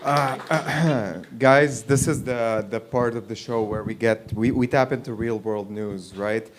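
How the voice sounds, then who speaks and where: A man hosting an open mic, his voice sitting in an ordinary middle pitch. He rambles through a topical bit, restarting sentences and chuckling at his own jokes. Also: slow. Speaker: host. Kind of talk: stand-up comedy and hosting. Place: small comedy venue with audience.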